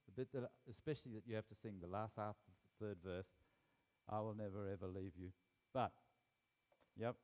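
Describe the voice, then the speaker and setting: A man's voice: on the low side, unhurried, pauses often, darkish tone. A man preaching a sermon to his congregation, reading scripture aloud and speaking to the people in the room. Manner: reads scripture aloud, then talks with the congregation. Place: church hall. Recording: hall reverb.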